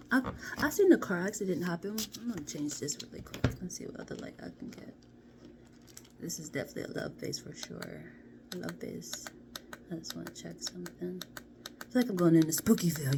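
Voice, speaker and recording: A woman doing a casual card reading to camera, chatty and playful, often dropping into soft half-whispers. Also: fairly low pitch, vocal fry. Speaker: card reader. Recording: steady background noise.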